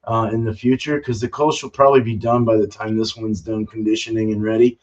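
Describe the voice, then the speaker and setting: Rambling, swearing home brewer on a stream. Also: male voice, lowish voice, flat delivery, fairly quick. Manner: loose, swearing, rambling with fillers. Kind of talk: casual live-stream chat. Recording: dull lo-fi stream audio.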